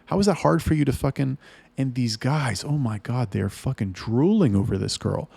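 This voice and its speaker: Blunt, profane man with a gravelly voice. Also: mid-range voice, lively intonation, moderate pace, dark tone, no echo. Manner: blunt and profane, with frequent restarts. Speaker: webcam studio owner. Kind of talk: casual business vlog.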